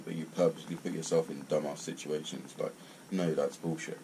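A man rants bluntly straight to camera, swearing freely. His voice sits extremely low. A faint hiss runs underneath. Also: fairly even intonation, brisk, warm tone, rough recording. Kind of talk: casual rant to camera.

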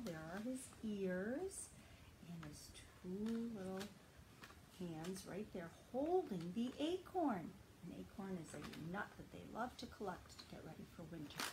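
Brief: unhurried woman showing a craft kit to little kids, plain mid-pitched voice, steady room noise under her. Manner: gentle, simple show-and-tell explaining. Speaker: library children's program staff. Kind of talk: explaining a craft project to young children.

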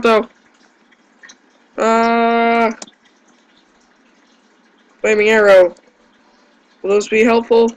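A man's voice: high-pitched, level tone, takes it slowly, long pauses, low-quality recording. A man giving gameplay commentary, yelping in panic and groaning at his own mistakes. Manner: panicky yelps and self-deprecating groans. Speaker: let's play gamer.

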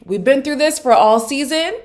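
A woman with a deep morning voice giving casual, opinionated commentary on a reality show to her channel's viewers. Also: animated, normal speed. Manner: opinionated, sassy, emphatic. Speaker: recap vlogger.

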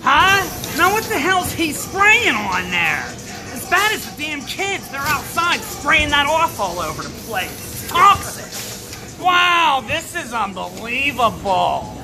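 A foul-mouthed old grandmother, as a performer puts her on, gruff and complaining in a comedy sketch. Her pitch swings widely from one phrase to the next. Music plays loudly in the background. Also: very animated, slow pace, heavily acted. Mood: grumbling. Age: older. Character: cranky elderly grandmother, short-tempered and foul-mouthed. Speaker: comedy character host.

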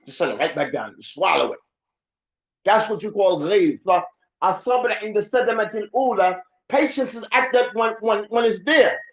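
A man's voice: high voice, lively intonation, normal speed, echoey room. A man teaching a lesson in a mosque, switching between Arabic and English and acting out angry people. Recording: dull lo-fi recording.

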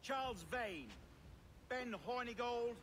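An actor playing a commanding officer in a video game, speaking formally and with command. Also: male voice, extremely high pitch, takes it slowly, fairly bright tone, full character voice.

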